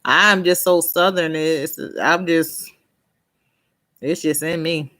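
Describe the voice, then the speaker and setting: A woman's voice: deep voice, steady tone, slow pace, pushed and bright. Chatty, laughing woman on a live stream. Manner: chatty, laughs often, trails off and restarts; replies to viewers' comments by name. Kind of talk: casual live-stream chat.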